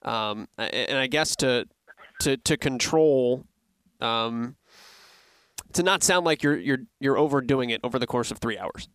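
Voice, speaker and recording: A man's voice: medium pitch, a little slow, fairly bright tone, clean tone, no echo. A man interviewing a broadcaster, asking long questions full of fillers as he searches for his words.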